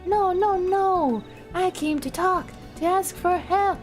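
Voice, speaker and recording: Woman voicing a frightened kobold creature, squeaky, panicky, pleading, high voice, game music behind. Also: slow pace. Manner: squeaky, panicky, repeats words. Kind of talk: reading game dialogue aloud.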